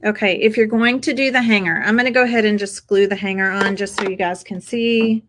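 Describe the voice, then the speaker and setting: A woman walks her viewers through a craft project at her table, chatty and upbeat, calling them "you guys." Her voice sits at a middling pitch, casual and friendly in tone. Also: fairly even intonation, brisk, background noise. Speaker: craft tutorial host.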